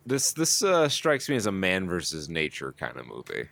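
Very deep-voiced profane podcast host. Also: male voice, wildly swooping pitch, moderate pace, creaky, fairly bright tone. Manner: rambling, profane, laughs often. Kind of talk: casual chat.

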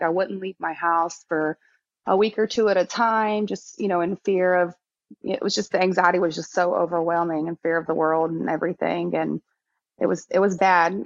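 A podcast guest from Texas, a woman in her thirties with a slightly low voice, talks haltingly in a candid interview, full of fillers and restarts. The recording is dry and a little dull, like audio from a remote call.

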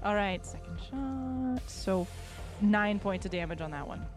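A woman playing a tabletop game, chatty and quick, thinking out loud as she adds up her rolls. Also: mid-range voice, lively intonation, soft background music. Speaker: player.

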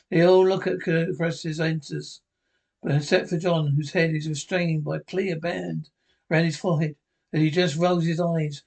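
Halting man retelling a TV episode. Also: fairly high pitch, level tone, vocal fry, a little mellow, rough recording. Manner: halting reading with restarts. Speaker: podcast narrator.

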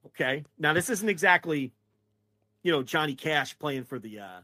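A man's voice: a little high, animated, takes it slowly, bright, forceful tone, no echo. A man co-hosting a wrestling podcast, joking and teasing in casual banter.

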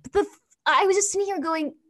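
A woman's voice: very high voice, quick pace, fairly bright tone, dry recording. A woman, hosting a podcast and chatting casually, peppered with "like". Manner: chatty, lots of "like", acts out quotes. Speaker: podcast host.

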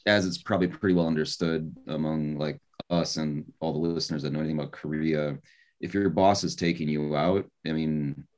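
A man's voice: a bass voice, fairly even intonation, brisk, a little mellow. A man giving his opinions in casual podcast chat, using a lot of "like" as filler. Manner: opinionated, filler-heavy commentary.

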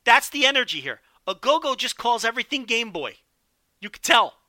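A man's voice: very high voice, big pitch swings, brisk, sharp tone, dry recording. A man giving a casual wrestling recap, enthusiastic and profane, riffing with jokes. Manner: enthusiastic, profane, joking riffs. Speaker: wrestling show commentator.

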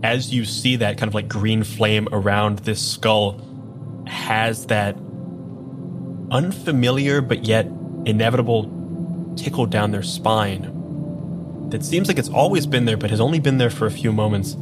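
A man running a tabletop role-playing game as game master, narrating scenes in a descriptive, halting way. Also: lowish voice. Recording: podcast with music underneath.

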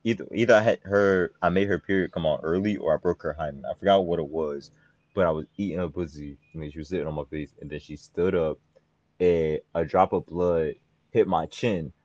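A man's voice: low voice, fairly quick, dry recording, muffled recording. Young man bragging through a story. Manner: animated, bragging storyteller who swings into loud exclaiming. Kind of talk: casual chat.

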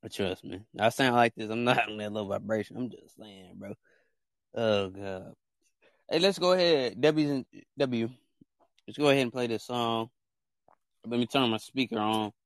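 A man's voice: medium pitch, normal speed, no room sound, clean studio sound. A man hosting a casual chat show, joking and trash-talking in slangy speech straight to his viewers. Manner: animated and joking, with playful trash talk. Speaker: show host.

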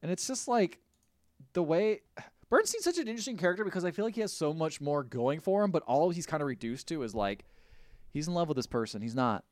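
Animated man recapping a movie. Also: a little high, quick pace, no echo, studio quality. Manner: animated, rambling retelling of a plot. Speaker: podcast co-host. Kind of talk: casual movie recap chat.

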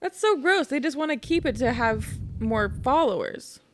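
A young woman co-hosting a podcast, reacting expressively with quick interjections. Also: sits high, lively intonation, a little hiss or hum. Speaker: podcast co-host. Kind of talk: casual chat.

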